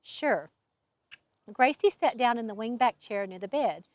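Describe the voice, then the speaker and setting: Woman author, novel reading, expressive narration, lively pitch, dry close sound. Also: a little fast, dry recording. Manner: expressive storytelling. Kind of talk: audiobook narration.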